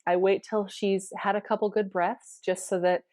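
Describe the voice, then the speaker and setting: A woman piano teacher telling a teaching anecdote in a calm, reflective, explanatory way. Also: medium pitch, normal speed, no echo, clean studio sound. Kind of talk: storytelling anecdote.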